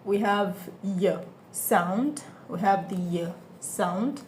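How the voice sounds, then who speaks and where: Woman teacher, beginner language lesson, very slow deliberate delivery, faint room hiss behind. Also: medium pitch, darkish tone. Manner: patient, repeats each sound slowly and checks understanding. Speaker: French teacher.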